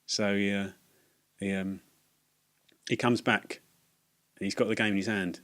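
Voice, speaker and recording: A man telling a rambling, halting anecdote for his video game vlog, often stumbling and repeating himself. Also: fairly even intonation, fairly bright tone. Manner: rambling, halting, self-mocking, acts out voices in a high falsetto. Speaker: video game collector vlogger.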